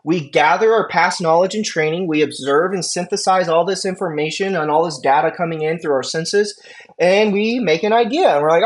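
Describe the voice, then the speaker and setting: A man, a paramedic instructor, giving a conversational classroom lecture. He often checks in with "right?" and "okay?" and acts out quick exchanges with patients. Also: a little high.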